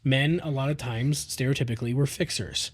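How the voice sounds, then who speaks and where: A man's voice: medium pitch, fairly quick, husky. A man in his thirties, a podcast co-host, talking casually in a rambling way with lots of fillers. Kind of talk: casual chat.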